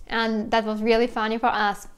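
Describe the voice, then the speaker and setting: A young woman with a Russian accent explains sounds in a casual vlog, lively and imitating animal noises as she goes. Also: on the high side, moderate pace, clean tone. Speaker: language teacher vlogger.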